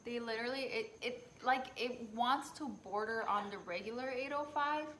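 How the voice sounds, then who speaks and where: A woman's voice: on the high side, moderate pace, a bit bright. A woman hosting a casual beer tasting chat, talking loosely with lots of fillers. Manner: chatty, hesitant with fillers. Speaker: host. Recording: echoey room with background noise.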